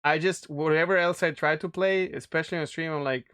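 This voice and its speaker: Man, fairly high voice, casual gaming podcast chat, rambling, excitable, laughs a lot. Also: brisk, hardly any pauses, clean tone. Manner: enthusiastic, rambling, laughs often. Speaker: podcast co-host.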